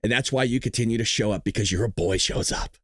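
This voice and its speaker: A man's voice: lowish voice, quick pace, a bit bright, dry recording, clean studio sound. A man hosting a casual news commentary stream who swears, jokes, and keeps breaking into giggles, sounding tired from staying up late. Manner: profane, joking, breaks into giggling laughter. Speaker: host.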